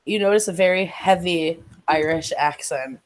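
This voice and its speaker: A woman playing a tabletop role-playing game, narrating her character's actions with frequent giggles. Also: on the low side. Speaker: tabletop player.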